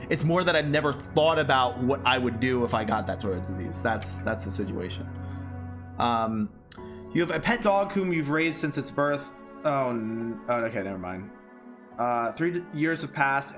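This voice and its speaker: A man's voice: medium pitch, a bit bright. A young man streaming a game, chatting casually, reading its text aloud, swearing and reacting emotionally.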